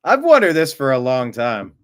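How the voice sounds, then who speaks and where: A man's voice: mid-range voice, wildly swooping pitch, moderate pace. A man hosting a news commentary show, talking casually with an amused, rambling manner and frequent restarts. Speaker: show host.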